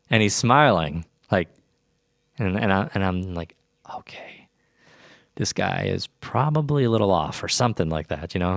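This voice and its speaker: A man's voice: deep voice, no room sound, studio quality. A young man telling a personal story in a rambling, casual way with lots of restarts. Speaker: podcast host.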